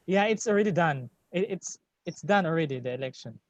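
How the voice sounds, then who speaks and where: A man's voice: on the high side, expressive, fairly quick. A man in a casual online club meeting who answers briefly and agreeably. His call audio sounds dull.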